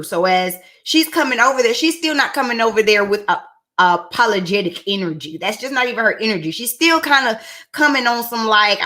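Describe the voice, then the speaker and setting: A woman's voice: on the high side, sharp tone. A woman giving a chatty, sassy recap of a reality show episode, with in her speech. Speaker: reality TV reviewer. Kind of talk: casual recap commentary.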